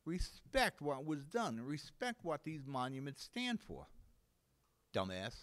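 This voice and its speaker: A New man hosts a live local talk show in a blunt, indignant rant. His pitch swings widely as he works himself up. He curses freely and talks straight at the viewer. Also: huge pitch swings, measured pace, a bit bright. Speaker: host.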